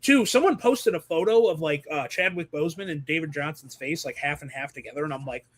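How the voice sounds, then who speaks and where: A man hosting a casual movie podcast, rambling and animated with lots of fillers over a video call. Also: a little high, brisk. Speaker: podcast host.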